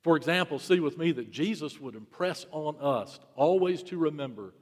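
Preaching man, raised pitch, hall echo. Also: animated, moderate pace, few pauses. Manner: rhetorical repetition, swelling and dropping in volume. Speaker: pastor. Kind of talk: sermon. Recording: long hall reverb.

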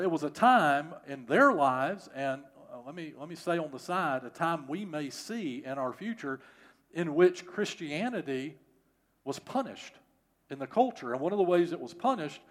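A middle-aged male pastor preaching a sermon, emphatic and repeating key phrases for stress. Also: fairly high pitch.

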